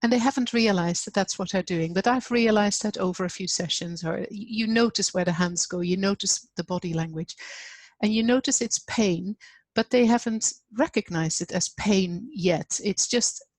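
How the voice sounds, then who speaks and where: Gentle reflective woman, dry close sound. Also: mid-range voice, moderate pace, dry recording. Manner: gentle, reflective, acts out client dialogue. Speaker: grief counselor and author. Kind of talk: conversational interview.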